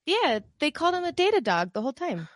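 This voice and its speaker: A woman's voice: high-pitched, sing-song, quick pace, dry recording, clean studio sound. A woman co-hosting a casual podcast, playful and teasing. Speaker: podcast co-host.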